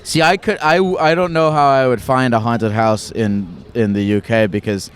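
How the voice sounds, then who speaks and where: A man's voice: medium pitch, normal speed, smooth. A man doing comic, playful street interviews in a city park while in costume. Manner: joking, playful questions.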